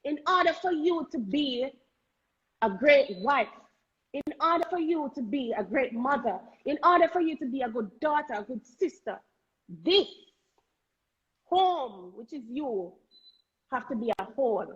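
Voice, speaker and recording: A woman's voice: high-pitched, lively intonation, measured pace, long pauses, muffled recording. A woman with a Jamaican accent, a guest talking candidly and earnestly, often stumbling and repeating words as she makes her point. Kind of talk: candid conversational talk.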